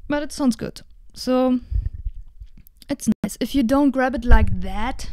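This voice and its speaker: A woman's voice: high voice, slow pace, dark tone, a little hiss or hum. A woman hosting a live-streamed tech tutorial, chatting casually as she shows and tests microphones at her desk. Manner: chatty, hands-on, demonstrating microphones. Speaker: streamer explaining audio gear. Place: indoor room at a streaming desk. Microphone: switching between test microphones.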